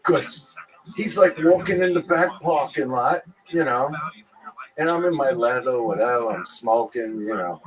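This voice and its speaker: A man's voice: mid-range voice, a little slow, rough recording. A man telling rambling, profane stories in a casual interview, acting out other people's voices. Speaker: interview guest. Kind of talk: casual storytelling. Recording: crowd chatter behind.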